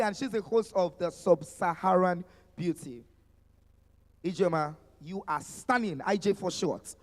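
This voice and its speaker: A man's voice: sits high, a little slow, big-room sound. A man with a Nigerian accent hosting a live expo panel, teasing guests and hyping them up in a playful sing-song way. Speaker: event host. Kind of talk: lively live event emceeing. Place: expo stage with music behind.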